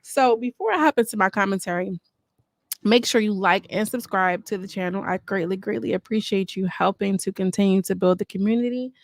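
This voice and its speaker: A woman's voice: mid-range voice, brisk, dry recording. A woman hosting a reality TV review channel, chatting casually with lots of slang and sassy asides. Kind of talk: casual commentary.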